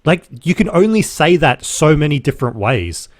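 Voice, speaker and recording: A man's voice: on the high side, sing-song, normal speed, no echo, studio quality. A young Australian man hosting his own podcast, ranting casually and sarcastically, swearing freely as he tells his story. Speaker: podcast host, reseller.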